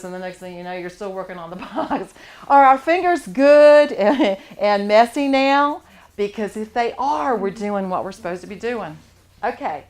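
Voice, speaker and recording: There's slight background noise as a woman with a fairly low voice teaches students charcoal drawing live. She's an art teacher who cheers them on and laughs a lot while working.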